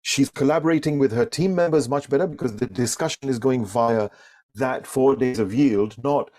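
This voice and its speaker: A man telling a workplace anecdote in an animated way, often restarting and repeating words. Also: mid-range voice, moderate pace. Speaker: leadership speaker. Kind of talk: anecdotal storytelling.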